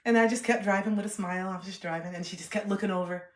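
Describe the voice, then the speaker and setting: A young woman streaming, chatting candidly and reflectively, swearing freely and getting animated when she retells things. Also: medium pitch, racing. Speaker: livestreamer. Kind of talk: candid casual livestream chat. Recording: roomy echo.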